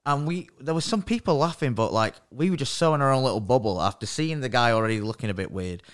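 A man's voice: mid-range voice, expressive, quick pace. A man, co-hosting a podcast, telling stories in casual chat, swearing freely and laughing as he goes. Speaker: podcast co-host.

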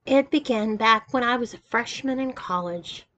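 A woman's voice: on the high side, moderate pace, pushed and bright. A woman voicing a nervous young man who stammers and defends himself as he is questioned. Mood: confessing. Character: flustered young man, the story's narrator, hiding a past.

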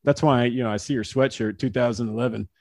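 A man who pitched professionally, telling casual anecdotes in an interview, acting out quotes and laughing often. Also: fairly even intonation, fast talker, a little mellow, no echo. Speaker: former baseball pitcher, guest.

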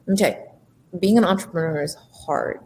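A woman's voice: fairly low pitch, normal speed, slight background noise. A woman speaking as a life coach and entrepreneur, giving an emphatic motivational talk and acting out the voices in people's heads. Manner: animated, emphatic, acts out inner voices.

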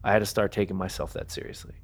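Low-voiced man, earnest and confessional. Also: flat delivery, vocal fry, slightly rough. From New Jersey, USA. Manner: earnest, confessional, speaks slowly with pauses. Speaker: guitarist guest. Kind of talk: candid podcast interview.

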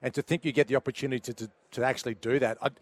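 A man, a former coach, talks through the game in a measured, thoughtful way. His voice sits at an ordinary male pitch. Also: steady tone. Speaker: former coach and player, pundit. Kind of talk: sports radio commentary.

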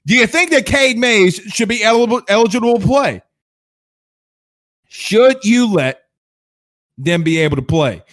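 A man from Louisiana hosts a sports livestream in a fired-up, combative rant. His voice sits high for a man, and his tone is sarcastic. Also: lively intonation, a little slow, pauses often, fairly bright tone. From Louisiana, USA. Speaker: sports show host.

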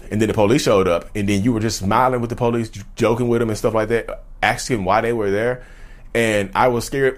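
A man telling viewers a personal story in a casual, animated way, acting out the dialogue and often saying "y'all". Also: medium pitch. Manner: animated retelling, acts out dialogue, says "y'all". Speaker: vlogger sharing personal story.

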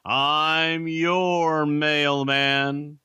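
A man's voice: a little high, level tone, extremely slow, sharp tone, clean tone, dry recording, clean studio sound, exaggerated voice. A man singing as a campy mailman jingle. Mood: campy sing-song.

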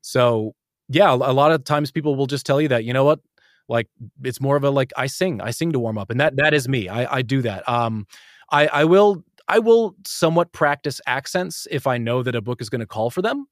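Eager American voice actor, dry sound. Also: male voice, mid-range voice, dry recording. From United States. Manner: animated and eager, quick to jump between ideas. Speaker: audiobook narrator and voice actor. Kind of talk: casual interview talk.

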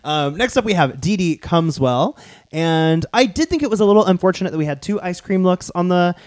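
A man's voice: high voice, lively intonation, a little fast, darkish tone, dry recording, studio quality. A man hosting a podcast, chatting casually and playfully while reviewing. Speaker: podcast host.

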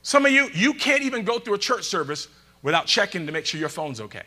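A man pastor preaching a sermon, calling out to the congregation and swinging between loud bursts and quiet asides. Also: high voice, very animated, fast.

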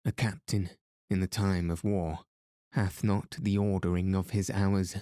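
A man's voice: sits low, level tone, a little slow, warm tone, no echo, studio quality. A man reading as a harsh, stern medieval duke. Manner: harsh, curt.

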